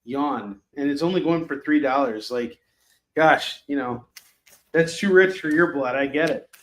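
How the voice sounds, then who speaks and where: Casual male stream host, a bit higher-pitched, sarcastic and chatty, talking up cheap comics live. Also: normal speed, a bit bright, a little hiss or hum. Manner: sarcastic, joking, chatty with many fillers. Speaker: live shopping show host selling comics.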